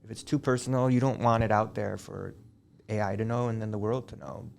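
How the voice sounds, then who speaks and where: Gravelly-voiced middle-aged male teacher. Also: on the low side, steady tone, fairly quick. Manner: chatty, digressive storyteller. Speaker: high school teacher, podcast guest. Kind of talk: casual interview chat.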